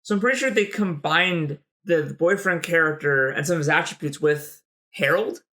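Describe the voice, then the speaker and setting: A man co-hosts a casual book-club podcast, his voice a touch high and very bright. He rambles along, full of "like," and slips into little acted-out quotes. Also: moderate pace. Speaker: podcast co-host.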